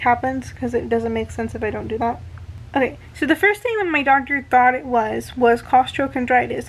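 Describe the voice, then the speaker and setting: High-voiced woman chatting on a vlog. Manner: chatty, rambling with many fillers and restarts. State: out of breath. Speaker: vlogger. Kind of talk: casual vlog. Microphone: handheld camera.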